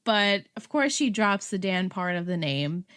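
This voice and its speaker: A woman co-hosting a podcast, chatting casually and retelling a TV episode in an animated way. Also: mid-range voice, unhurried, clean tone. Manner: chatty, animated storytelling with frequent fillers. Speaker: podcast co-host. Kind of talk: casual chat recapping a TV episode.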